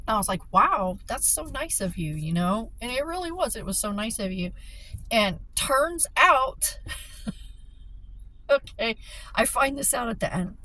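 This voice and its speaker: A woman casually telling a story, animated and excitable, with frequent swearing. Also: fairly high pitch, a little slow, slight background noise, low-quality recording. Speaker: vlogger.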